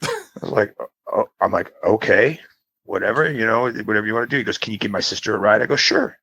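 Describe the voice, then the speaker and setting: A man's voice: fairly low pitch, quick pace, lo-fi sound. A man co-hosting a podcast, telling a long story in casual chat and acting out the voices of the people in it. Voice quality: gravelly, husky. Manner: animated storyteller, acts out quoted voices, swears. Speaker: podcast co-host.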